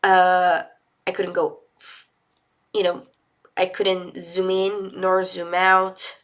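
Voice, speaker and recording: A woman's voice: on the low side, completely flat delivery, slow pace. A woman with a Brazilian accent teaching English in a live lesson, explaining patiently step by step and switching into Portuguese.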